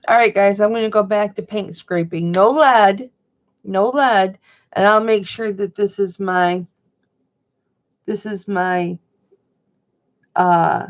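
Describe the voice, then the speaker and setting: A woman's voice: mid-range voice, highs cut off. A woman vlogging from home in a rambling, chatty way. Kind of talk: casual chat.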